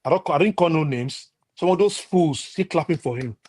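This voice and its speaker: A man's voice: fairly high pitch, fairly quick, a little mellow, breathy edge. A Nigerian man ranting indignantly as a panelist in a heated discussion, repeating himself.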